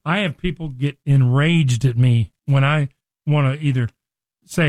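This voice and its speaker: A man's voice: medium pitch, measured pace, darkish tone, no echo. Man teaching a sermon, dry sound. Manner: conversational, repeats and restarts, acts out quotes. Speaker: Bible teacher.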